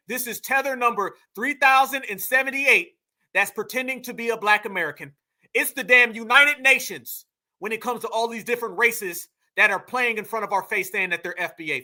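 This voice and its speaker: Man, livestream host, mocking rant, high pitch, very bright tone. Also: fairly quick. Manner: loud, dismissive, mocking, repetitive. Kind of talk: reaction commentary.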